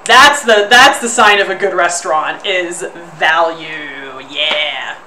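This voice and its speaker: A woman streamer chatting casually to her viewers, loudly exclaiming and laughing while suffering through a spoonful of wasabi. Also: lowish voice, slow, reverberant, distant mic, slight background noise. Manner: exclaiming and laughing, talks to chat. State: sniffly and pained from wasabi. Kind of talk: casual live-stream chat. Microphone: desk mic, sometimes clipping.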